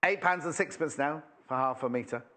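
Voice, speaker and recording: A man's voice: fairly high pitch, normal speed, sharp tone. A man presenting fabrics live on a shopping channel, chatty and rambling as he exclaims over each one. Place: TV shopping studio.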